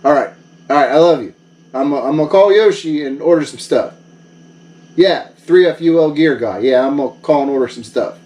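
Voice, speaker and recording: A man's voice: a little high, normal speed, dark tone, recorded from a distance. A man who runs a vlog, bragging and bossing people around in a jokey one-sided phone call. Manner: boastful, mock-bossy, joking. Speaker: vlogger.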